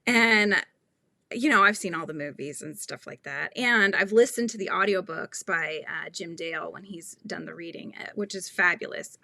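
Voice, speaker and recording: A woman's voice: lowish voice, normal speed, gravelly, bright, forceful tone, dry recording, studio quality. A woman in her thirties hosting a crochet tutorial stream, chatting casually and laughing often as she reads viewer comments. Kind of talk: casual livestream chat while crocheting.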